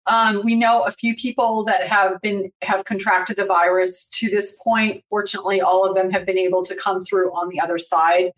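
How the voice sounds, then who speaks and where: A woman's voice: mid-range voice, flat delivery, normal speed, few pauses. Female guest, playful and upbeat, on a video call, slightly distant mic. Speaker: guest, business advisor. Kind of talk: casual live interview.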